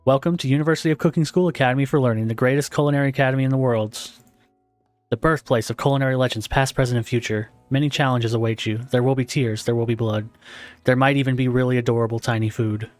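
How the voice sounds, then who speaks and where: A man voicing a pompous dog professor in a cooking-school game, grandiose and scolding, talking a little fast. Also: mid-range voice, fairly even intonation, no room sound, soft background music, natural voice.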